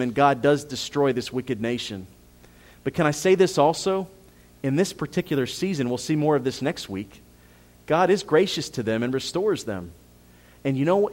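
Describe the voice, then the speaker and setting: Pastor preaching with soaring, then hushed delivery. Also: male voice, on the high side. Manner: rises to emphatic peaks and drops to soft, quiet appeals; repeats phrases for emphasis, asks the congregation questions. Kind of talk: sermon.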